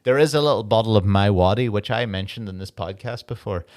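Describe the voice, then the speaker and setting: An Irish man co-hosting a comedy podcast, telling stories in a sweary, animated rant. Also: fairly low pitch, quick pace. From Ireland. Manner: animated, ranting, sweary storytelling. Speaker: podcast co-host. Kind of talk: casual comedic film chat.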